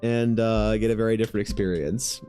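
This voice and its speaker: 느긋하고 말투가 거리낌 없는 남자. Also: male voice, on the low side, fairly even intonation, fairly quick, mellow, faint music behind. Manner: laid-back, slangy, rambling. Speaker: streaming artist. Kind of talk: casual chat on a livestream.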